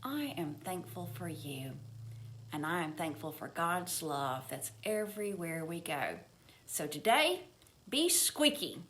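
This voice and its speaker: A woman leading a church children's story, expressive and gentle, asking the children questions and dropping to soft whispers for effect. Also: deep voice, unhurried. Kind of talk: reading a children's story and sermon.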